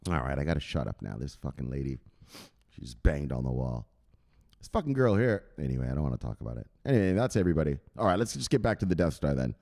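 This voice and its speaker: A man's voice: rumbling low, fast talker, gravelly. Guy ranting about crypto at home late at night, swears a lot, voice jumps around. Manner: profane, rambling, animated. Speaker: crypto channel host. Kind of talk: casual profane vlog chat.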